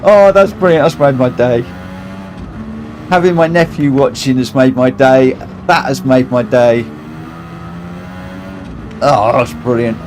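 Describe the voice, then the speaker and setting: A man's voice: mid-range voice, a little slow, pauses often, a little mellow. A man chatting to viewers while racing on a live stream, joking at his own expense and laughing often. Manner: chatty, laughs a lot, self-mocking. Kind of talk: casual live-stream commentary. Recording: noisy game audio behind voice.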